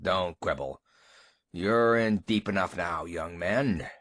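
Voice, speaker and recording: A man voicing a domineering, very old family patriarch in an audiobook, speaking in a deep, portentous monotone. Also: slow pace, full character voice. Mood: scolding. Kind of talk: audiobook character voice.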